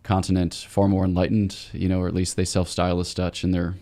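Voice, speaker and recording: A priest from the eastern United States talking through ideas as a podcast guest, thoughtful and a little meandering. His voice is very deep and mellow, with a soft, dark tone. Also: completely flat delivery, fast. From United States, between Washington DC and Boston. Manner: thoughtful, explanatory, many fillers and restarts. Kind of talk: casual conversation.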